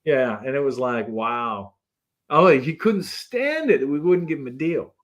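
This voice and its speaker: Animated male storyteller. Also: mid-range voice, unhurried. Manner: animated storyteller who acts out the people in his stories. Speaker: guest. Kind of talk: casual anecdote telling.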